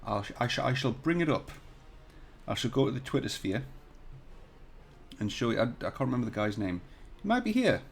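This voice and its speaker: There's slight background noise as a man with a gravelly mid-range voice speaks a little fast but leaves long pauses. He's hosting a CAD tutorial stream live from a hotel room, bantering casually with viewers and swearing at times. He uses a desk microphone with no shock mount or pop filter.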